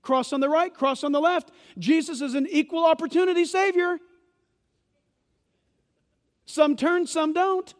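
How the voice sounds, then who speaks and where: A man preaching a sermon as pastor, swinging from loud bursts to hushed asides in a church. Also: extremely high pitch, steady tone, measured pace, long pauses. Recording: reverberant church hall.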